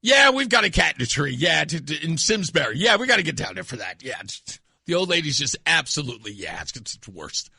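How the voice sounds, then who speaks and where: A man's voice: fairly high pitch, big pitch swings, quick pace, gravelly, few pauses, bright, forceful tone, husky, no room sound, clean studio sound, full character voice. A male radio host imitating a disappointed male TV news reporter in a deflated, mocking tone.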